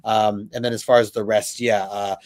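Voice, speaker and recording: A man's voice: on the low side, little pitch movement, moderate pace, a little mellow, no echo. A man co-hosting a casual comics podcast, speaking hesitantly with many fillers. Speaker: podcast co-host.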